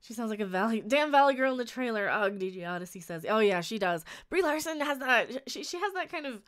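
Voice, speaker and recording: Slightly high and a bit bright, this woman's voice carries a rambling live stream chat. She reads out viewer comments, gives blunt takes, and frequently restarts and laughs.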